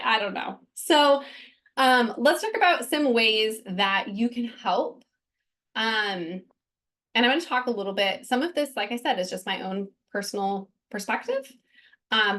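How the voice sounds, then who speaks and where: A woman's voice: medium pitch, a bit bright. A woman hosting a podcast, talking candidly and earnestly about her own experience, with frequent fillers and restarts. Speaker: podcast host. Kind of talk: candid personal talk.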